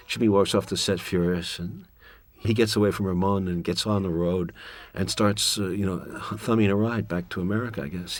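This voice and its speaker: A man giving a director's commentary, telling candid, wry, rambling stories about a film shoot. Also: sits low. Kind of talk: director's commentary, reflective storytelling.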